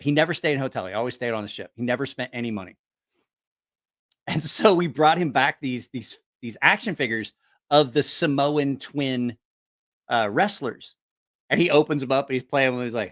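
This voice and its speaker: A man hosting a livestream, telling rambling, profane stories with a laugh, a little tipsy after a few drinks. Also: medium pitch. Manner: lively, profane, laughing storyteller. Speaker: livestream host. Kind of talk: casual storytelling livestream.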